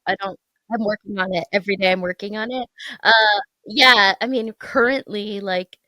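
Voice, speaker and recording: A woman in her thirties from Michigan rambles through her answers with a bright, forward tone and laughs easily at herself. The sound is dry and close, with no room around it. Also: medium pitch, steady tone, normal speed, no echo. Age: 30s. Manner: rambling, self-deprecating, laughs often. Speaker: guest, content creator. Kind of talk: casual interview chat.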